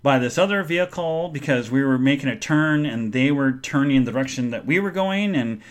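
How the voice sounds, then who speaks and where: A man hosting a podcast, telling a story in a casual chat and acting out the people in it with sudden jumps in pitch and loudness. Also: a little fast. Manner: animated, acts out quoted people with big jumps in pitch and loudness. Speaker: podcast host.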